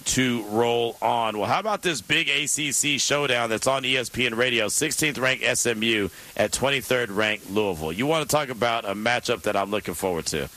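A man co-hosting a sports radio show, reading out scores and trading jokes in an animated, playful way. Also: medium pitch, normal speed, hardly any pauses, poor audio. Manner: animated, jokey, playful emphasis.

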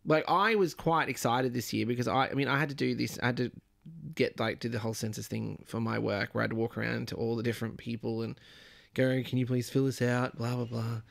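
Australian man, radio panelist, gravelly, chatty and self-deprecating. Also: medium pitch, steady tone, fairly quick. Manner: chatty, self-mocking, giggly. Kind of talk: casual chat.

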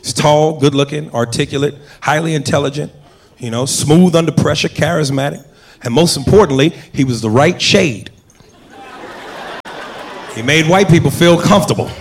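A man doing a stand-up routine on a comedy club stage, building up to shouted punchlines. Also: on the high side, moderate pace, some chatter behind. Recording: roomy live club recording with audience.

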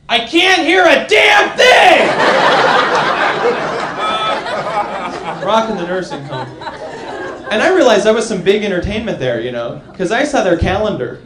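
A young man performing a stand-up comedy set, telling stories with deadpan punchline pauses. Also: high voice. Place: comedy club stage. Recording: echoey room, audience laughing. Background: crowd laughter.

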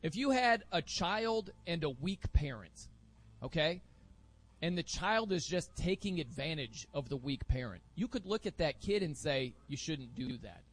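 High-voiced, energetic male sports radio host. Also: a little slow. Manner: energetic, emphatic, opinionated. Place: radio studio.

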